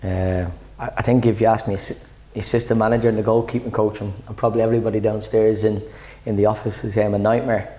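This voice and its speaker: A man's voice: lowish voice, flat delivery, fast talker, warm tone, rough recording. A man, the club's head coach, answering interview questions in a chatty way, often repeating words as he starts a thought. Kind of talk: sit-down interview.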